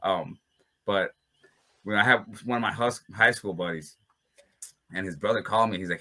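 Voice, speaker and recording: A man with a very bright, sharp-edged voice spins loose, casual stories as a fighter on an interview show. He keeps slipping into laughter while he talks. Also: lowish voice, normal speed. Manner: laughs often while talking. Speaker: bare-knuckle fighter, interview guest. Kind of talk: casual storytelling.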